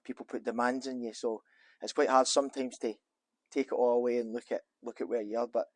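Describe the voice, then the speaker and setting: A man's voice: medium pitch, level tone, a little fast, dry recording. A man, a former footballer being interviewed in an office, talking casually and rambling with many restarts and fillers.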